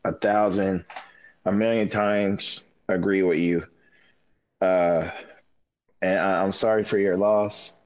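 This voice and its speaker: A man co-hosting a podcast, answering in halting, stammering phrases. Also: sits low, fairly even intonation, darkish tone. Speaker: podcast co-host. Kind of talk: casual chat. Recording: dull lo-fi sound.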